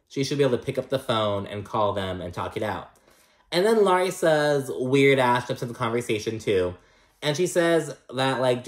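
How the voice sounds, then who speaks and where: A man giving a casual, gossipy recap of a reality show episode, swearing freely and peppering his talk with likes and you knows. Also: medium pitch. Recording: roomy echo.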